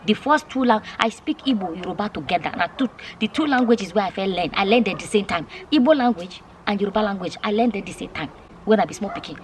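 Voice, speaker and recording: Quick-talking Nigerian woman vlogger. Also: mid-range voice, crowd noise. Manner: animated, repeats her points, asks viewers questions. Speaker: YouTube vlogger. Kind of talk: casual to-camera talk in Nigerian Pidgin.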